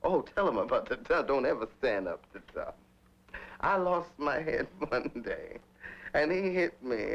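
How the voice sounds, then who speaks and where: A man's voice: a little high, moderate pace, vocal fry. A man being interviewed, telling candid childhood stories and laughing often. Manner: laughs often, animated, playful. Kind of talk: candid storytelling. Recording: dull lo-fi 1960s film sound.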